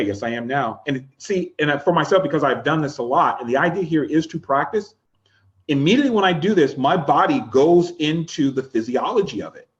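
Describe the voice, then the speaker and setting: Coaching man with dull lo-fi audio. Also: medium pitch. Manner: coaching, demonstrates vocal tones. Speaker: life coach teaching a class. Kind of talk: online class teaching.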